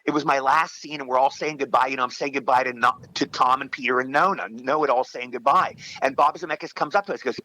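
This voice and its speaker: A man in his sixties, an actor telling rambling, excited stories with many restarts in a casual interview. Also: fairly high pitch, quick pace, hardly any pauses, poor audio. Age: 60s. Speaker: actor guest.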